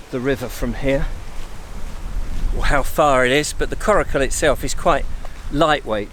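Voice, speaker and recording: A middle-aged Englishman talks casually to his viewers in a rambling, friendly way. His voice sits at an ordinary middle pitch. He is outdoors beside his van, and gusts of wind buffet the mic over a faint hiss of traffic. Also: a bit bright. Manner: chatty, rambling, friendly asides. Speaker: vlogger. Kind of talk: casual vlog to camera. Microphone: wind buffeting the microphone.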